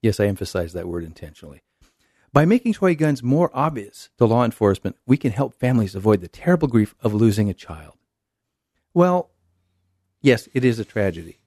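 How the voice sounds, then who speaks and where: A man's voice: on the low side, sing-song, fairly quick, darkish tone, no room sound, clean studio sound. A man hosting a casual talk show, reading news articles aloud and adding sarcastic remarks. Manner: wry, reads quotes then comments sarcastically. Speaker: podcast host.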